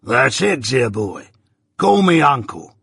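A blunt, hungry old ex-convict , as a man puts him on for an audiobook, growls out his words in a gravelly, husky voice. His speech is rough and rustic, and he keeps saying "dear boy". The sound is close and dry. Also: medium pitch, sing-song, slow pace, a bit bright, no room sound, exaggerated voice. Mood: gruff, wary. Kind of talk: audiobook character voice.

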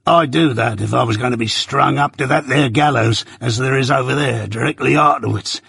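Gravelly convict, gruff and wary, man putting him on, dry sound. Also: medium pitch, brisk, a bit bright, no echo, heavily acted. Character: rough old male convict, gruff, wary, hungry.

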